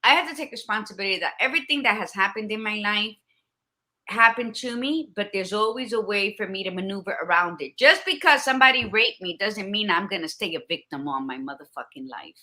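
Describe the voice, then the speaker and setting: A woman's voice: medium pitch, lively intonation, fairly quick, sharp tone. A woman in her fifties co-hosting a podcast, talking in a blunt, profane and emphatic way in candid casual chat. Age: 50s. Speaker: podcast co-host.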